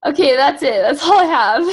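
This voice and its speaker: A woman's voice: high voice, animated. A young woman on a video call giving a chatty, casual training talk full of fillers, a bit out of breath. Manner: chatty, fast, lots of fillers. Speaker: guest speaker on a team call.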